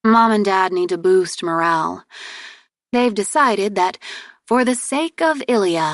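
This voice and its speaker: A woman reader voicing a proud, exasperated young princess heir in an audiobook, with sharp, indignant retorts. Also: mid-range voice, lively intonation, normal speed, no echo, studio quality, natural voice.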